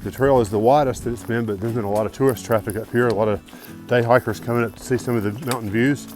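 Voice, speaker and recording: Here a man speaks fast at medium pitch with a steady tone, vlogging to camera as a thru-hiker on a mountain trail. Recorded on a handheld phone in low quality with soft music underneath, he sounds upbeat, grateful and talkative.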